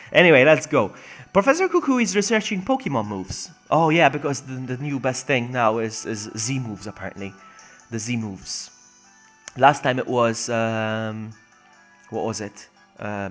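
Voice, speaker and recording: Streaming a phone game, a young man gives chatty, jokey let's-play commentary, laughing a lot and reading out the game's text. He sounds animated and fairly bright at a medium pitch and normal speed, with faint music behind him.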